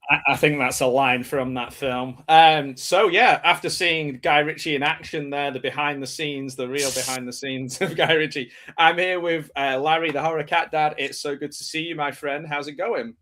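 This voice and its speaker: A man's voice: on the high side, fairly even intonation, moderate pace, hardly any pauses, sharp tone. A man hosting a live watch-party stream, chatting casually and laughing often. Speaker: stream host.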